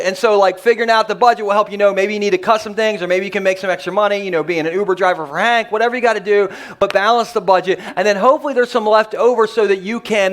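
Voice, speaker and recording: Joking, high-voiced male pastor. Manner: joking, energetic, quick asides. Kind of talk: humorous sermon. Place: church sanctuary before a congregation.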